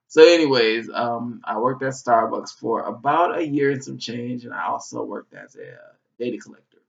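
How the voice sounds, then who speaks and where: A man's voice: mid-range voice, normal speed, gravelly. Young guy from georgia spinning a wild story, cussing a lot, sounds kinda far off and muffled. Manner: animated, swearing, exaggerated storytelling. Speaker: vlogger. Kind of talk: comic storytelling. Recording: dull, slightly distant recording.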